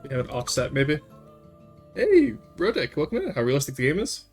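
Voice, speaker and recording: A young Quebec man chats casually on a livestream, answering viewers with lively energy, dropping into French and swearing and laughing freely. His voice sits on the high side, brisk and gravelly, with faint music in the background.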